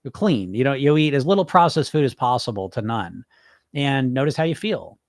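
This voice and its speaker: A man's voice: medium pitch, a little fast, no room sound, clean studio sound. A man hosting a weight-loss podcast, answering viewer comments in a casual, rambling way with plenty of swearing. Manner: animated, profane, rambling.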